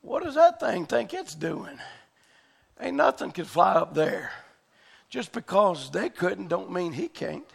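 Male preacher, very high and gravelly, fervent sermon delivery. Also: big pitch swings, a little slow. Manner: fervent shouting with sudden quiet stretches.

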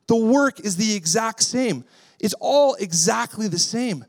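A male pastor preaching a sermon in a relaxed, conversational way, weaving in stories about his daughters and acting out what he says to them. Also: sits high, moderate pace. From Canada. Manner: lively, acts out his own voice when quoting himself.

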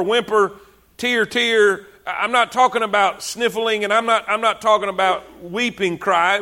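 A man preaching a sermon, exhorting his congregation with repeated phrases and building to fervent shouts. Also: high voice.

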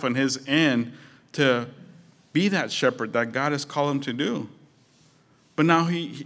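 A man's voice: medium pitch, fairly bright tone. A man preaching a sermon as pastor, conversational and storytelling with touches of humor.

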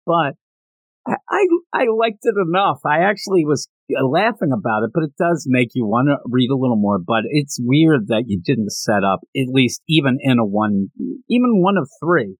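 A man co-hosting a podcast, chatting casually about a manga and acting out scenes with lively pitch jumps. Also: dry recording. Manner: animated, quick shifts of pitch when acting out scenes. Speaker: podcast co-host. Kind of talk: casual manga review chat.

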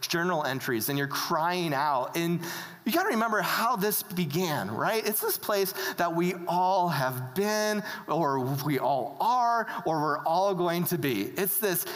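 Slow, lively preacher in an echoing hall. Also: mid-range voice. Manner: conversational, keeps asking the audience questions. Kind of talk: casual sermon. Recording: long hall reverb.

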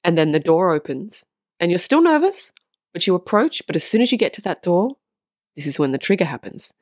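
A woman's voice: lowish voice, sing-song, brisk, darkish tone, dry recording, clean studio sound. A woman vlogging to her viewers in a casual, earnest monologue, repeating phrases for emphasis and swearing now and then. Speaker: spiritual vlogger on twin flames.

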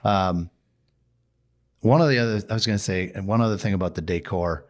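A man's voice: low voice, fairly quick. A man hosting a podcast, chatting casually with a guest and laughing easily. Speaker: podcast host. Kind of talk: casual chat.

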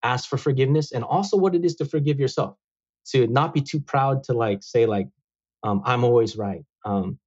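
Earnest husky man, muffled recording. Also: mid-range voice, normal speed, a little mellow. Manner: earnest, reflective, many fillers. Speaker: guest. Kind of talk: casual interview talk.

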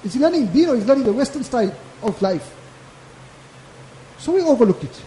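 High-voiced preacher. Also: male voice, very animated, a little fast, warm tone. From South Africa. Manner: casual, repetitive and emphatic preaching. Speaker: maulana giving a Friday lecture. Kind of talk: Friday sermon. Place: mosque. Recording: echoey mosque hall.

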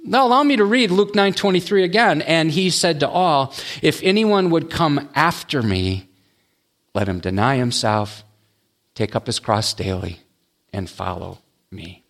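Man preaching, slightly high voice. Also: measured pace. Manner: expressive preaching, drops low and quiet on key words. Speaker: pastor. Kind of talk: sermon.

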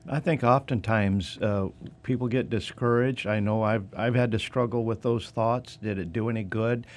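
A man's voice: lowish voice, steady tone, normal speed. A man, a pastor hosting a church talk show, speaking in a reflective conversational way.

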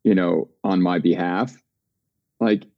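A man's voice: deep voice, steady tone, takes it slowly, no room sound, dull audio. A man guiding a group call in an earnest way, repeating words for emphasis. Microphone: video call.

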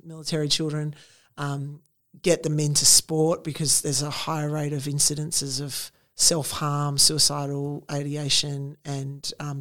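An Australian woman guest talking casually in an interview, chatty with lots of fillers and laughter. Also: low-pitched.

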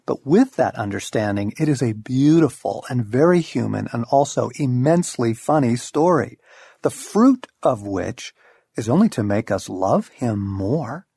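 Husky middle-aged man, wry lively storytelling. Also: mid-range voice, measured pace, no echo, studio quality. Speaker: audiobook narrator. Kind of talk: scripted devotional narration.

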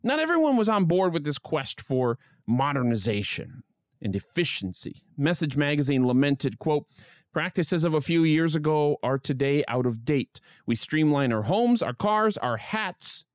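A man hosts a history podcast, reading scripted narration in a lively storytelling style with wry asides. His voice is on the high side at a moderate pace, and the studio sound is clean with no echo.

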